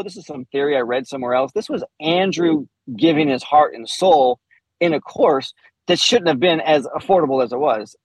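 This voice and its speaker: A man's voice: a little high, husky, no room sound, rough recording. A man in his forties, a podcast guest, candidly telling a personal story with frequent laughs and restarts.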